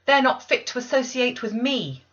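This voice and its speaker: A woman doing a defiant young girl, loud and accusing. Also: sits low, big pitch swings, fast, lo-fi sound. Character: defiant angry young girl, a neglected orphan.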